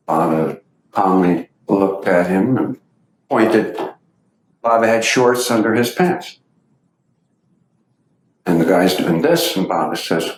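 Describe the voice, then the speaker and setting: In an echoey meeting hall, a man gives a storytelling lecture to an audience, livening up his anecdotes by acting out the quotes. His voice is on the low side, slow, with frequent pauses.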